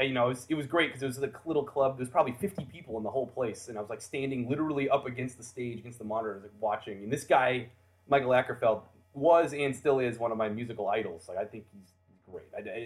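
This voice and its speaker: An American man recounts a travel story for friends on a podcast. His voice sits in a middle register and rises sharply when he acts out what people said, with laughter slipping in as he goes. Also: mid-range voice. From United States. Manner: animated, laughs while telling, acts out voices in quotes. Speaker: podcast host telling a story. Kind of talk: casual storytelling chat.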